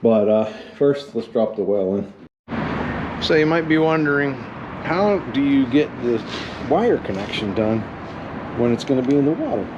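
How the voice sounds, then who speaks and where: A DIY vlogger restoring his house talks to viewers while digging outdoors by the house and well house. His medium-pitched voice has lively intonation at normal speed, and he's folksy, wry and self-deprecating. The sound is lo-fi with a noisy background.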